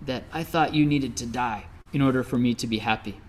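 The storyteller voices an angry, wild mountain ascetic man who shouts threats while telling a Buddhist story. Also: medium pitch, a little fast, slight background noise, lightly acted. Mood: confessing.

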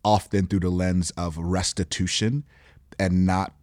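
Deep-voiced reflective pastor, man. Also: level tone, unhurried, darkish tone, no echo, clean studio sound. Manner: reflective, thoughtful, speaks in abstract terms. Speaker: pastor, podcast co-host. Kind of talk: casual Bible discussion.

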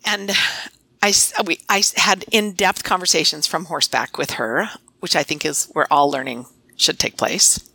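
A woman's voice: low-pitched, moderate pace, gravelly, bright, forceful tone, breathy edge, no room sound. A middle-aged woman, a veterinarian, telling stories in a casual podcast conversation with many restarts. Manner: chatty, storytelling with many restarts. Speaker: veterinarian and guest.

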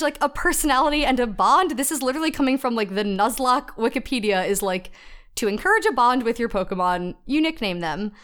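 A young woman with a fairly high, smooth and clear voice, co-hosting a casual chat. She explains in a rush of asides and keeps breaking into giggles as she talks. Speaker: podcast co-host. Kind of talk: casual chat about fan fiction.

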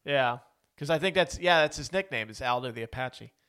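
A man's voice: mid-range voice, lively intonation, fairly quick, sharp tone, clear, resonant tone. A man co-hosting a podcast, chatting casually about a film, talkative and prone to going off on tangents. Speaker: podcast co-host. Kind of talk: casual movie-review chat.

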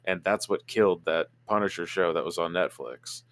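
A man's voice: sits low, normal speed, a bit bright, no echo. A man in a casual podcast chat, ranting emphatically and swearing.

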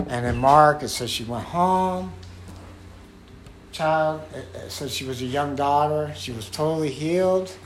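A man's voice: a little high, a little slow, a little hiss or hum. Earnest man preaching a casual sermon. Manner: earnest, conversational, acts out quoted voices.

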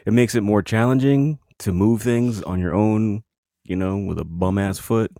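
Low-voiced laid-back man, dry sound. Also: moderate pace, dark tone, dry recording. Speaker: co-host. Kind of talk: casual podcast chat.

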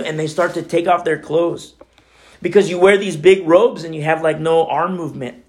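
Male pastor, slightly raised pitch and gravelly texture, chatty sermon delivery with emphatic swells and quiet asides. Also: moderate pace. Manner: animated, swinging from emphatic outbursts to hushed near-whispers. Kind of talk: conversational sermon.

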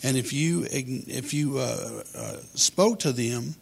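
A man, telling a humorous childhood story in a folksy, deadpan way. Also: mid-range voice, slow pace, creaky, breathy edge.

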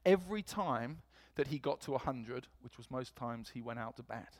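A man's voice: mid-range voice, moderate pace. A man preaching a sermon in a church, telling stories and acting out quotes with energy. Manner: storytelling, animated quotes.

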